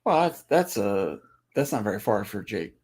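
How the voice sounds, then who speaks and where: A woman's voice: a bass voice, very animated, normal speed, darkish tone, slightly rough. A woman co-hosting a casual ranch livestream, teasing and joking in easy banter.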